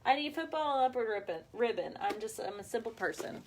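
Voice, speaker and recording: In this chatty livestream, a woman running a live craft and ribbon shop video treats viewers like friends, bubbly and talkative, laughing often and responding to comments as they come in. She speaks briskly and expressively in a fairly high voice. Slight background noise is present.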